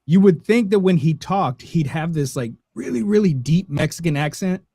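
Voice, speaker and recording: A man co-hosts a casual podcast and tells rambling, sweary stories. His voice sits a bit high. The recording is dry and close-miked. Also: expressive, moderate pace, dark tone, husky, no echo. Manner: rambling storyteller, swears freely. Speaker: podcast co-host.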